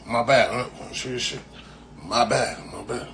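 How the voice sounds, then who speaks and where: Cussing california guy just rambling to his viewers, sharp bright voice, bit of hum behind. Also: medium pitch, a little slow, gravelly. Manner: profane, slangy, repeats phrases. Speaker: streamer. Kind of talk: casual rambling live talk.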